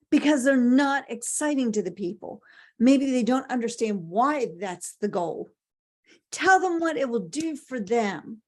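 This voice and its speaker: A middle-aged woman with a somewhat high voice delivers a motivational talk. She speaks emphatically, hammering home her points by repeating key phrases. She keeps asking rhetorical questions. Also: darkish tone.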